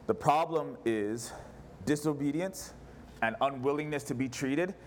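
A man's voice: mid-range voice, a little slow, slight background noise. A pastor preaching a sermon in church, an impassioned man who fires off rhetorical questions. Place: church service.

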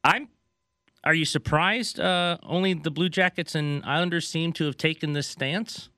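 A man co-hosting casual sports talk, quick and laughing, often acting out what others might say. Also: on the high side, sharp tone, no room sound, clean studio sound. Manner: rapid, laughing, acts out quotes. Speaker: sports podcast co-host.

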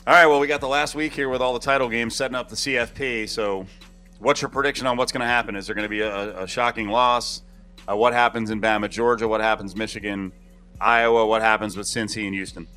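A man hosting a casual sports talk show, talking in a rambling, animated way. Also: on the low side, fast, soft background music.

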